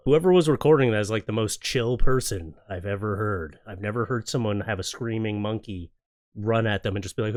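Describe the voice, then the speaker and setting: Speaking in a mid-range voice at a moderate pace, this man hosts a clip-reaction show on YouTube. His casual comedic commentary takes the form of sarcastic, jokey rants peppered with exaggerated acted quotes.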